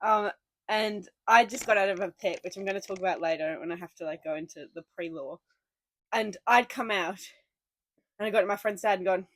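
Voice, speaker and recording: Young Australian woman, podcast co-host, rambling and sarcastic, mid-pitched, dry close mic. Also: brisk, a bit bright, dry recording. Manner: rambling, sarcastic, swears freely. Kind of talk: casual chat.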